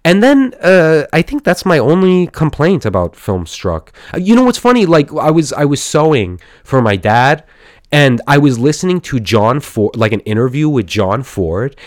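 A man's voice: on the high side, sing-song, normal speed, dry recording, clean studio sound. A man hosting a casual solo podcast, rambling enthusiastically with many fillers and restarts. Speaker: podcast host.

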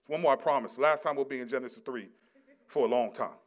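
A middle-aged male pastor giving a sermon, swinging from quiet, low asides to loud, emphatic scripture reading. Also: quick pace. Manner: reads scripture aloud with rising intensity.

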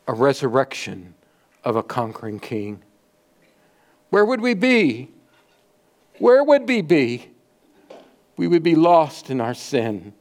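A man preaching a sermon in a slow, dramatic delivery, with repeated rhetorical questions and lists, swinging from loud peaks down to near-whispers. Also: mid-range voice. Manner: repetitive rhetorical cadence. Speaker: pastor.

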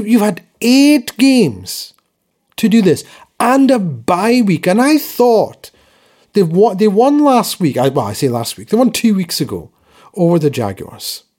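Animated man ranting. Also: high voice. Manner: animated, exasperated ranting with many restarts. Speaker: podcast co-host. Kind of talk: casual sports chat.

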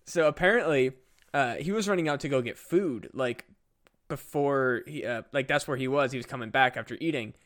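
A man's voice: medium pitch, a little fast, fairly bright tone. A young man, a podcast co-host, telling a casual story with lots of fillers and swearing. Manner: rambling, profane, many fillers.

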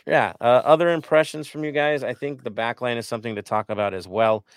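A man's voice: mid-range voice, fairly even intonation, a little fast, clear, resonant tone, dry recording, clean studio sound. A man hosting a casual sports talk panel, rambling a little with fillers and restarts as he asks his co-hosts questions. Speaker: podcast host.

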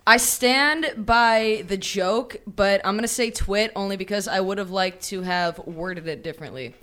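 A young woman from Los Angeles, a musician guest chatting in a relaxed way on a radio show, with many fillers. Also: medium pitch, moderate pace. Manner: laid-back, laughing, filler-heavy. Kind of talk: casual radio interview. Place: radio studio.

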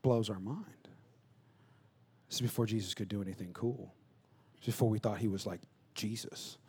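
A man preaching a conversational sermon, acting out little dialogues and swinging between loud bursts and hushed asides. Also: fairly low pitch, steady tone, moderate pace, breathy edge. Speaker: pastor.

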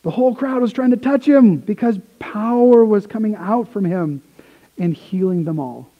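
A man preaching a sermon, swinging from quiet explanation to excited retellings of the crowd. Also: high voice, normal speed, lo-fi sound. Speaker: pastor.

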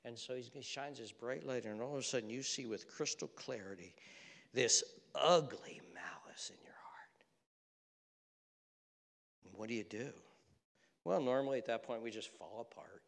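Preacher in a reverberant hall. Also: male voice, medium pitch, brisk, creaky. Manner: swings from loud urgent exhortation to hushed near-whispers; repeats phrases and restarts for emphasis. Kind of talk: sermon.

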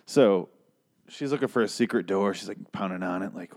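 A man's voice: deep voice, moderate pace, a little mellow. A man casually recapping a TV episode, rambling, joking and swearing as he goes. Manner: rambling, profane, restarts a lot, jokey.

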